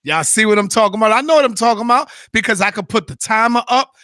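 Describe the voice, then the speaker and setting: A man with a high, bright, sharp voice keeps a rowdy video-call debate in check. He talks loud and pushy, joking threats mixed with brotherly calls for order, and the sound is dry and close. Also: quick pace, no room sound. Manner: loud, insistent, playful threats. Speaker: debate moderator. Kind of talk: heated online debate.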